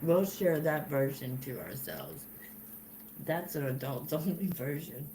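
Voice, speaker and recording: A woman hosts a casual inspirational vlog in a slow, unhurried drawl, swearing freely and breaking into laughter. Her voice sounds roomy and echoey, with faint background ambience. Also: low voice, lively intonation, background noise. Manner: slow, profane, laughing storytelling. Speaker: host.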